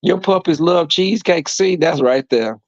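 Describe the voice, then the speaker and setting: A man hosting a livestream, telling stories to his viewers in an animated, profane way and acting out the voices in them. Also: fairly high pitch, normal speed, dry recording, lo-fi sound. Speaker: livestream host reading chat. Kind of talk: casual storytelling to viewers.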